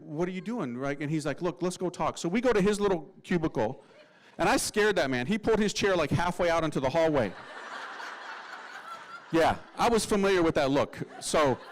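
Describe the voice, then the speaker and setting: This time the priest's voice runs a bit high, and the recording is rough. He's still a Catholic priest giving a humorous, slangy, lively testimony and acting out the other characters' voices.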